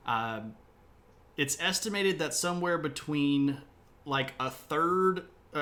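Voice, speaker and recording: A man's voice: medium pitch, a bit bright. A middle-aged man from South Mississippi, hosting a casual history livestream in a chatty, opinionated, rambling way. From United States (South Mississippi). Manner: chatty, self-described opinionated, rambling asides.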